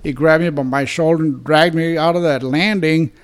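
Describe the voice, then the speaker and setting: A man's voice: a little high, steady tone, normal speed, clear, resonant tone. A man in his seventies from Texas, a retired police detective telling a story in an interview in a plain-spoken, blunt way and often restarting and repeating his words. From Dallas, Texas. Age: 70s.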